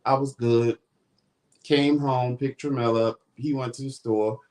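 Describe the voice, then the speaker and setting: Man, vlog host, casual storytelling, quotes the dialogue, middle pitch. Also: unhurried. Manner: animated retelling with quoted dialogue.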